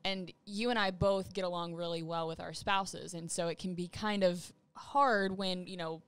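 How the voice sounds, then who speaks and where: A woman co-hosting a faith-based podcast, teasing her co-host and speaking in a lively, animated way. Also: lowish voice, moderate pace, clean tone. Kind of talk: casual chat.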